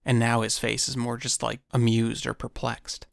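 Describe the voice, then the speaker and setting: A man narrating a first-person encounter story in a measured storytelling manner with dry asides. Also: medium pitch, flat delivery, vocal fry, no echo.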